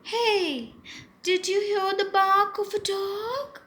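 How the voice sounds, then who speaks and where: Storybook parrot: young, female, jumpy and timid, squeaky and high, voiced by a woman. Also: slow pace, a bit bright. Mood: alarmed. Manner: breathless, alarmed questioning.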